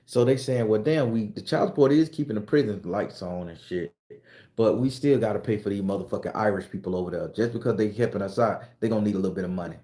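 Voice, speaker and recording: A man telling an animated, profane story as a monologue, acting out the voices of the people in it and jumping into high, excited tones. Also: fast talker, roomy sound. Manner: acts out voices in his story, swings into high excited pitch. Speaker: commentator on social media channel.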